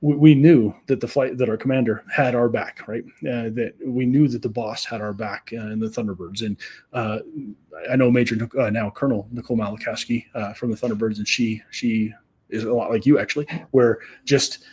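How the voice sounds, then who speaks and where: A middle-aged man with a husky, breathy edge to his voice, hosting a podcast. He tells stories in a relaxed way, acting out bits of dialogue and stumbling over repeated words as he restarts. His pitch sits in the ordinary middle range for a man. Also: brisk. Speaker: podcast host. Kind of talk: conversational storytelling.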